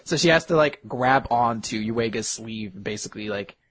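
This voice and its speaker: A man's voice: mid-range voice, moderate pace, fairly bright tone. A man co-hosting a podcast, animatedly recapping an anime episode in casual chat and slipping into quoted voices. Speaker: podcast co-host.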